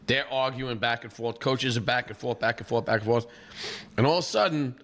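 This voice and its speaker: A man, hoarse from a recent illness, animatedly telling stories in casual chat as a podcast co-host. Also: mid-range voice, brisk. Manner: animated storyteller, acts out quoted people.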